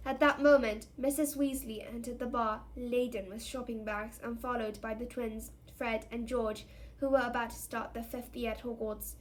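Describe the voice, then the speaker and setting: A woman with a fairly high voice reads a novel aloud. She keeps a steady storytelling pace and gives the characters their own voices along the way. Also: normal speed. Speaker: reader.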